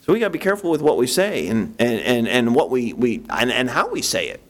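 A man preaching a sermon as pastor, talking conversationally with restarts and jumping into a high voice to act out his own thoughts. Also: fairly quick. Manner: animated, acts out his own inner voice in sudden high bursts; conversational, with frequent restarts and "you know".

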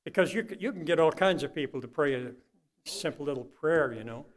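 An older man preaching a sermon, telling folksy stories and swinging from quiet asides to loud, impassioned peaks. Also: fairly high pitch, lively intonation, a little fast.

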